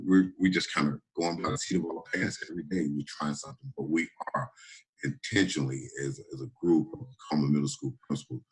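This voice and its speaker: A man's voice: a bass voice, fairly bright tone, a little hiss or hum, poor audio. A man, a middle school principal, talking earnestly and informally in a panel discussion over a video call, often repeating words as he goes.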